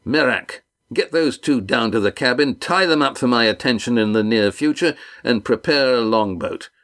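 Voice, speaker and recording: A man's voice: medium pitch, lively intonation, moderate pace, a bit bright, pitched above the performer's own voice, lightly acted. A man reading the part of a menacing, mocking ship captain, drawing out his threats with a sneer. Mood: cold menacing.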